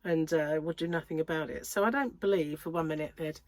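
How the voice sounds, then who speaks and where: Talking briskly to camera from a lit room at home, the crochet channel host has a slightly low, somewhat stuffy voice and seems short of breath. Her rambling stories come with frequent giggles, and the close, dry sound has no room echo.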